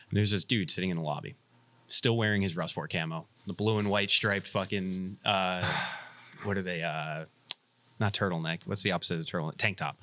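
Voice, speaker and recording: A man's voice: deep voice, pushed and bright, dry recording. A man co-hosting a podcast, telling a story in casual chat with swearing and laughs, acting out what people said. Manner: swearing, laughing storyteller who acts out quotes. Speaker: podcast co-host.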